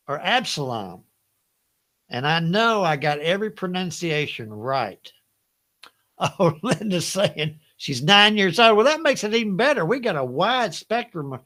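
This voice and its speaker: Older Southern US man, high bright voice, unhurried, folksy trivia host who laughs often. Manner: chatty, folksy, laughs often, reads each question twice. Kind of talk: hosting a live Bible trivia game.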